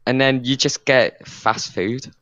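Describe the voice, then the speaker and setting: A man's voice: mid-range voice, fairly even intonation, slow pace, a bit bright. A young British man co-hosting a casual podcast, arguing his points in a rambling way with frequent restarts. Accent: British English. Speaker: podcast co-host. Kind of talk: casual debate chat.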